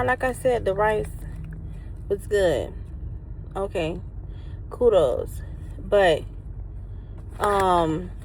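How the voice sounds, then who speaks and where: This woman sits on the high side vocally as she reviews a meal for her vlog, standing by a truck outside. Talking casually and emphatically to viewers, she repeats herself and addresses them as "y'all." The audio is poor and carries a slight hiss or hum.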